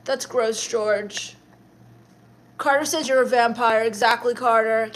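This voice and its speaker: Deadpan high-voiced young woman. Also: unhurried, a little hiss or hum. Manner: deadpan, dismissive, sarcastic. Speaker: livestream host reading viewer chat. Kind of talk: in-character comedic livestream chat.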